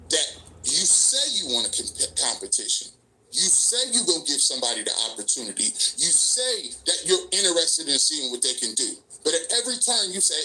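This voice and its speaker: Bright, emphatic man arguing sports. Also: fairly high pitch, rough recording. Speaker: sports talk commentator. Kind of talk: sports talk show debate.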